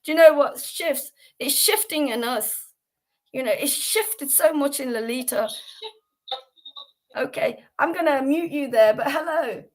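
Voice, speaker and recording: A woman's voice: sits high, a little slow. A woman from the United Kingdom hosting a devotional class on a livestream, talking earnestly with many fillers and restarts. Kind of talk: casual devotional livestream talk.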